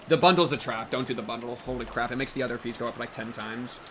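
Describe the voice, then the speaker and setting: A man in his twenties chatting casually with his stream chat, excitable and jokey, breaking into loud yelps and shouts. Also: mid-range voice, quick pace, a little hiss or hum. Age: 20s.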